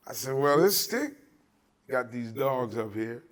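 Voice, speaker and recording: With a measured pace and an expressive, medium-pitched voice, a Southern California podcast host from Altadena shares stories in a relaxed chat. He uses profanity freely and impersonates the people in his tales.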